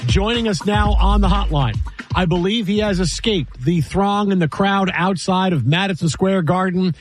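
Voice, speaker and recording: A man hosts a sports radio show with playful, energetic banter. His voice sits high for a man. Faint music runs underneath. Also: normal speed.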